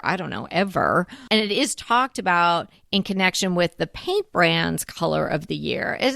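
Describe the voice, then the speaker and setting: A woman's voice: mid-range voice, a bit bright, no room sound, clean studio sound. Chatty woman co-hosting a decorating show. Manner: chatty, musing, with fillers and laughs. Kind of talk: casual conversational chat.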